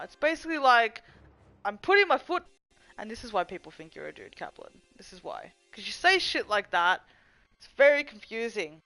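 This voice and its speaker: A woman's voice: medium pitch, very animated, normal speed, pushed and bright, no echo, faint music behind, low-quality recording. A young woman hosting a livestream, rambling casually, swearing freely, goofing around and reading chat messages aloud. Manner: chatty, profane, goofy, reads chat aloud. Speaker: livestream host.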